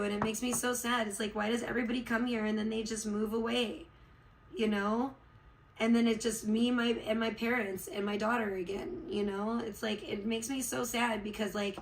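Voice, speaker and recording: A woman's voice: fairly high pitch, a little hiss or hum, low-quality recording. A woman from Chicago chatting casually on a livestream, rambling and heartfelt, with many fillers, just getting over being sick. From Chicago, USA. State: recovering from illness.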